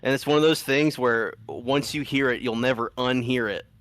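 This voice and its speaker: A man chatting casually with friends while streaming a game, making dry, quick remarks. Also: medium pitch, a bit bright, a little hiss or hum. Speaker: gaming streamer. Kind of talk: casual chat while playing. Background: game music.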